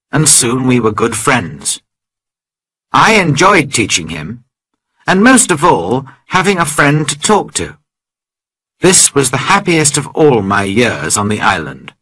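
A man slowly narrating a simple story for English learners, reading clearly and carefully. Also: medium pitch, bright, forceful tone, no room sound, low-quality recording.

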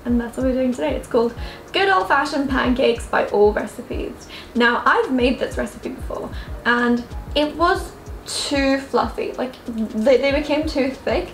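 A young woman with a high-pitched voice speaks a little slowly as she vlogs in her home kitchen. She's chatty and self-mocking, often laughing and turning to her cat. Lofi music plays under the echoey kitchen acoustics.

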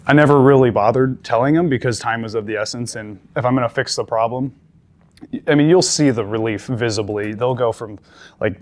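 A male paramedic instructor giving a classroom lecture, talking conversationally and repeating the key points with emphasis. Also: medium pitch.

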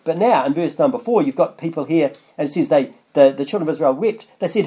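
Preacher guy talking through a bible passage, loose and rambly, kinda high but warm voice. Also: animated, quick pace, hardly any pauses. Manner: conversational, rambling, with restarts and asides. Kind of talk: Bible study sermon, reading scripture aloud.

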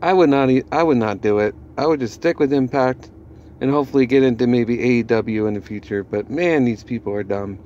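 A man's voice: mid-range voice, brisk, a little mellow, muffled recording, a little hiss or hum. A man ranting scornfully and with swearing as a wrestling vlogger. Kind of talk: ranting commentary.

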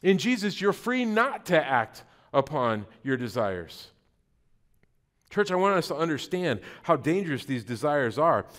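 A man's voice: a little high, sing-song, measured pace, a bit bright. A middle-aged man preaching a sermon as pastor, conversational and joking, often repeating words mid-thought.

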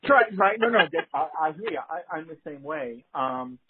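A man's voice: a little high, animated, a little hiss or hum. A man with a New England accent, a theater director chatting casually as a guest, often restarting his sentences. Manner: halting, many restarts and fillers. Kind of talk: casual conversation. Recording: phone-like line.

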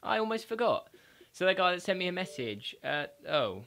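A man giving excitable, sweary commentary on his own gameplay, trash-talking as he plays. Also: fairly high pitch, moderate pace. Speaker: gaming YouTuber.

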